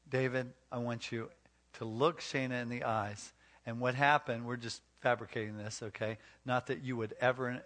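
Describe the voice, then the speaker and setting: A man's voice: mid-range voice, a bit bright. A man speaking at a marriage retreat, preaching emphatically and coaching volunteers through role-play. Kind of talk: sermon-like teaching with live role-play.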